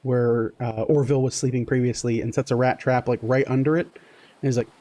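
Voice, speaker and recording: A man running a tabletop game as game master, narrating in a loose, halting way full of fillers. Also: mid-range voice, steady tone, dark tone.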